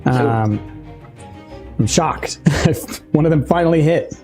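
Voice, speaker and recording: A man running a tabletop game as game master, laughing often and jumping into excited character squeals. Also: a little high, slow, soft background music.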